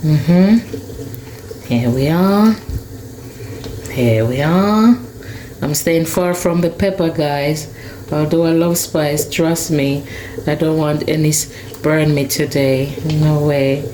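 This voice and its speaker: Her voice is low and mellow, and she takes her time, pausing often as she cooks and samples dishes for her viewers. It's a casual home-kitchen vlog, recorded with echo, cooking sounds, and a boiling pot.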